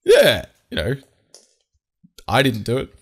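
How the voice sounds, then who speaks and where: A man's voice: mid-range voice, huge pitch swings, slow pace, slightly rough. A young Australian man co-hosting a podcast, joking and swearing freely in casual banter. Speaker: podcast co-host. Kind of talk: casual chat.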